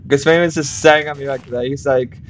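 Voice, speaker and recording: A man's voice: mid-range voice, steady tone, fast talker, a little hiss or hum. A man narrating his own gameplay, muttering and swearing at what happens on screen. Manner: profane, muttering reactions to the game. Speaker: gamer. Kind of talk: let's play commentary.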